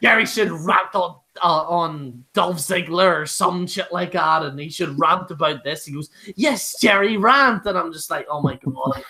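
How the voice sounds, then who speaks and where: A man hosting a casual live chat, telling animated stories and swearing freely. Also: fairly high pitch, normal speed, creaky, few pauses. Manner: animated storyteller, swears, mimics others. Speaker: host.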